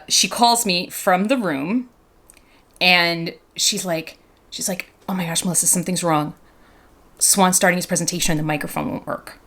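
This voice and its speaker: A bright, forceful-voiced woman in her fifties chats her way through a doll review. She tells stories animatedly, peppering them with "like" and little restarts, and gushes over the doll's pieces. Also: on the low side. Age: 50s. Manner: chatty, animated storyteller with many "like" fillers; enthusiastic about the doll. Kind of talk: casual vlog chat and storytelling.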